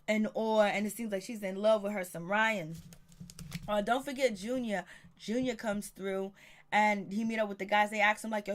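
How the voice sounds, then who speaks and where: A woman giving a casual, outspoken reality TV recap, chatty and profane, quoting the cast in quick snippets. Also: mid-range voice. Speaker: show reviewer.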